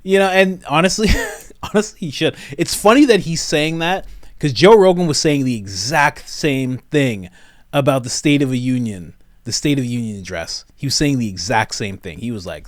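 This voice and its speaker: Animated man riffing in comedic commentary. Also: medium pitch, moderate pace, no room sound, clean studio sound. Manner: animated, enthusiastic, chatty.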